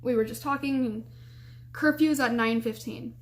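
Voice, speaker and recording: A young woman tells a story straight to camera, chatty and animated. Her voice sits a little high, and she keeps restarting sentences and filling gaps with "like" and "um". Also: normal speed. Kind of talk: casual storytime vlog.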